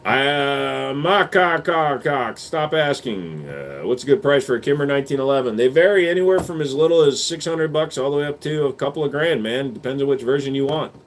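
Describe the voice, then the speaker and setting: Male streamer taking chat questions: blunt, profane, bantering, quick with answers, sarcastic when pushed. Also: mid-range voice. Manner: reads viewer questions aloud, then answers quickly; turns loud and sarcastic when arguing. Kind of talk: casual live-stream chat.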